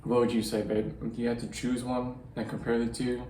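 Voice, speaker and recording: A young man hosting a casual food vlog, upbeat and excitable, chatting while he eats. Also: mid-range voice, fairly quick. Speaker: mukbang vlogger host. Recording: echoey room, distant mic, faint noise.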